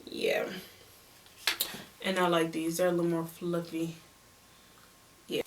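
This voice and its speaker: A young woman telling a story on her vlog in a casual, animated, slangy way, repeating words for emphasis. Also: fairly low pitch, takes it slowly, creaky, recorded from a distance, noisy background. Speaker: beauty vlogger.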